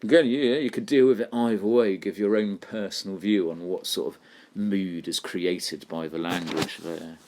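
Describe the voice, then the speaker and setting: A man's voice: low-pitched, moderate pace, darkish tone. A man teaching a poetry lesson, thinking aloud and putting questions to his students. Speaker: English literature teacher.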